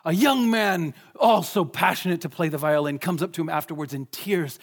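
A man's voice: a little high, moderate pace, hardly any pauses. A man preaching a sermon in a conversational way, often asking the listeners questions. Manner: conversational, asks the congregation questions.

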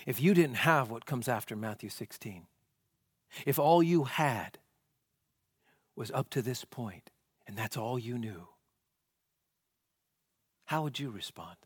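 A pastor preaching a sermon, asking rhetorical questions and swinging from loud emphasis to hushed tones. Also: male voice, mid-range voice, animated, slow, long pauses, slightly rough, no room sound, clean studio sound.

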